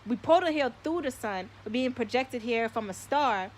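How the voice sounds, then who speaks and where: A young woman hosting a spiritual live stream, speaking in an excitable, slangy way and swearing often. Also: a little high, normal speed, a little hiss or hum.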